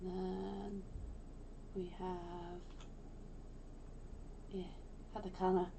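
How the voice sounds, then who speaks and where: A woman's voice: lowish voice, little pitch movement, very slow, creaky, noisy background. A woman on a live stream, playful and easily distracted, working through Japanese words in casual chat.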